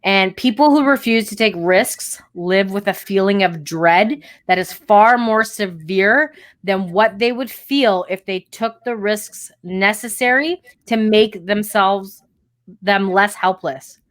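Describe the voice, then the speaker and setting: Female podcast co-host, conversational and reflective, mid pitch. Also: takes it slowly. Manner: chatty, reflective storytelling. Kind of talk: casual chat.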